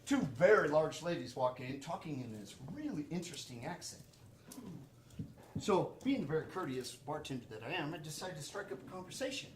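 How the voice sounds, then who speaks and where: A man's voice: on the high side, brisk. Man telling jokes with a wildly swooping voice. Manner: animated, acts out each line of the joke. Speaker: joke teller. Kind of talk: stand-up jokes on a community stage. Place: small community theater. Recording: echoey theater with faint noise.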